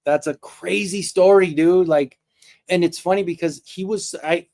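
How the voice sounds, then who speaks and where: Man, 40s, slightly high, easygoing and chatty live-stream host who rambles and jokes. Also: steady tone, measured pace, a little mellow. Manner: rambling and chatty, with many restarts; laid-back and jokey. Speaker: toy show host. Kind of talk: casual live-stream chat.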